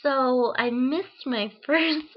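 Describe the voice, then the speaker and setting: A woman's voice: high voice, very slow. A young woman from Ohio telling a funny story in a casual vlog, chatty and full of "like" and "um", acting out her own reactions. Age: young adult. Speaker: vlogger. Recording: dull lo-fi sound.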